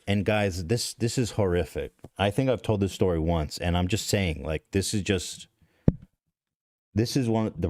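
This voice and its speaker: A man's low, darkish voice comes through clean studio sound with no echo as he hosts a podcast. In casual confessional style, he rambles through a story, swearing, running himself down and often restarting.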